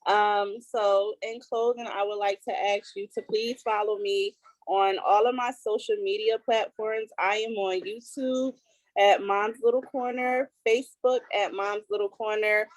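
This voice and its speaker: A woman's voice: medium pitch, fairly even intonation, measured pace, dry recording. A woman hosting a casual video call chat, talking in an earnest, emphatic, conversational way. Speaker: host.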